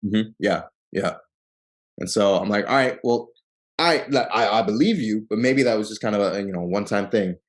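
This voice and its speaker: Man, fairly low voice, podcast guest, casual storytelling, lots of "like" and "um". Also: fairly quick. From Seattle, Washington. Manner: relaxed storyteller who acts out quoted people with lively jumps in pitch; frequent fillers like "like" and "um".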